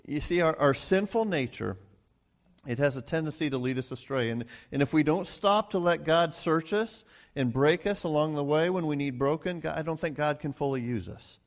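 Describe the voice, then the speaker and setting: Halting, folksy man preaching a sermon. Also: a little high. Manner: halting, repeats words, folksy asides. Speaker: pastor.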